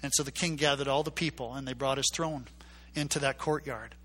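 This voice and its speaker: A man's voice: mid-range voice, steady tone, fairly quick, sharp tone. A man preaching a sermon, telling a story and acting out its characters' voices with emphatic repetition.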